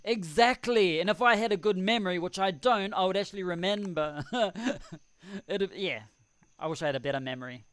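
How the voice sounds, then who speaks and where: High-voiced rambling New man. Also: brisk, a bit bright, smooth, no room sound. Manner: rambling, chuckling, self-deprecating. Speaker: live-stream host reading chat. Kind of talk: casual live-stream chat. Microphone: desk microphone.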